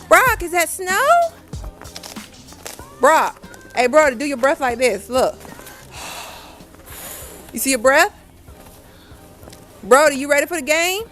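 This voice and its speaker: A woman's voice: sits high, big pitch swings, takes it slowly, pauses often, fairly bright tone, soft background music. A young mother filming her family in a snowy backyard, talking casually and teasing the kids with lots of laughter. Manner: playful, teasing, laughing often. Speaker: vlogger, mother.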